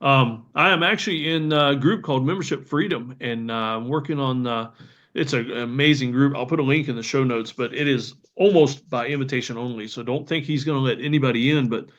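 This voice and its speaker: A man's voice: medium pitch, a little fast, fairly bright tone. A man hosting a podcast, talking casually and enthusiastically with many fillers and restarts. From Southern United States. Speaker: podcast host. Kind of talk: casual solo podcast talk. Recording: slightly dull lo-fi audio.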